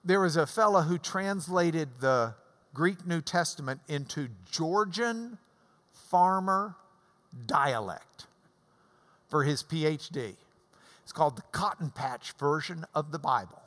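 Animated man in his sixties preaching. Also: a little high, takes it slowly, long reverb tail. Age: 60s. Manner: animated and emphatic, explaining Greek words with folksy asides. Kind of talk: sermon, verse-by-verse Bible teaching.

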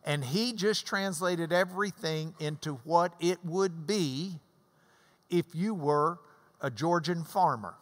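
A man's voice: a little high, takes it slowly, in a large hall. A man in his sixties giving a sermon as a preacher, teaching through Bible verses with emphatic delivery and folksy asides about Greek words. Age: 60s.

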